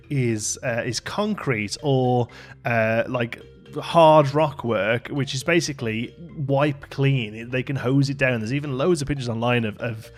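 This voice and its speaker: A gaming YouTuber chats through his build in casual let's play commentary, rambling and self-deprecating with lots of ums and filler. He sounds tired and yawns at times, his voice at an ordinary pitch over faint, soft music.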